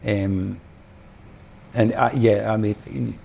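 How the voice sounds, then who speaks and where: A Scottish man with a lowish voice tells a long story about his band days. He talks loosely, circling back and restarting phrases as he goes. It sounds like relaxed podcast chat. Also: very slow, vocal fry, slight background noise. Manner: rambling anecdotes with many restarts and fillers. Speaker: podcast guest, former band drummer. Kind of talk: casual storytelling.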